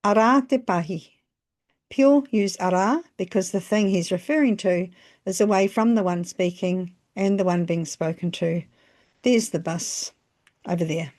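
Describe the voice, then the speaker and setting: Slow, careful New woman teaching. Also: medium pitch, darkish tone. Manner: slow, careful phrasing with pauses between examples. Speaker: language teacher. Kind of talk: scripted lesson narration.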